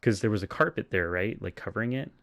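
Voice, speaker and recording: A man's voice: on the low side, fast, fairly bright tone, no echo. A man on a podcast, casually recapping a film, rambling with lots of ums and frequent laughs. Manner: rambling, many ums and restarts, laughs often. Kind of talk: casual chat.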